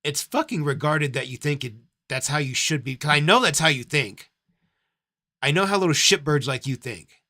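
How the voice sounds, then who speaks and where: A man's voice: a little high, normal speed, pushed and bright. Guy streamer ranting and cussing, blunt, talks into a desk mic. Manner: blunt, profane, scolding. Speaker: live stream host. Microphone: desk microphone.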